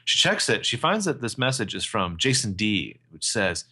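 A man's voice: fairly low pitch, normal speed, slightly rough. A man co-hosting a casual TV recap podcast, joking and swearing freely. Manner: lively, profane, jokey. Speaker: podcast co-host.

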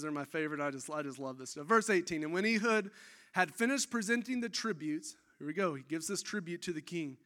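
An excitable man preaching, his voice pitched high for a man and ringing bright. He tells the scripture story dramatically, with casual, chatty asides to his listeners. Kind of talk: energetic sermon storytelling.

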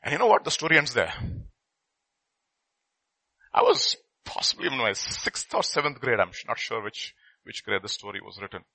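A middle-aged man telling a story in a sermon, swinging between loud and hushed. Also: medium pitch, very animated, normal speed, vocal fry, pauses often, no echo, poor audio.

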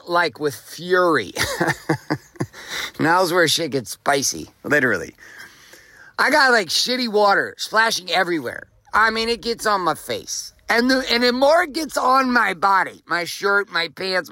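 Animated, bright-voiced profane male host. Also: high-pitched, a little slow, no echo. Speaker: podcast host. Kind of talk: motivational podcast monologue.

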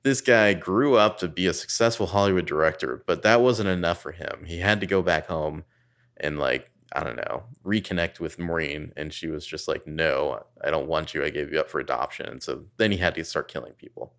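A man's voice: low-pitched, moderate pace, fairly bright tone. A man in casual chat, recapping a film with profane, sardonic asides and rambling digressions.

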